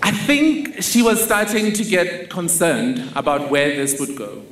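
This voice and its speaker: A man tells a personal story slowly, with long, deliberate pauses and a slightly high voice. His wry delivery carries through a roomy hall. Faint ambience sits under his words. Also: very animated, a bit bright, slight background noise. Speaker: speaker. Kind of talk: storytelling talk on stage.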